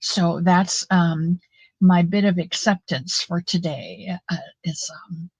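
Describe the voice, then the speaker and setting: A woman's voice: fairly low pitch, takes it slowly, darkish tone, breathy edge, no room sound. A woman hosting a casual livestream, rambling and chatty with many fillers and greeting viewers by name, on a built-in mic with dull lo-fi audio. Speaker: livestream host.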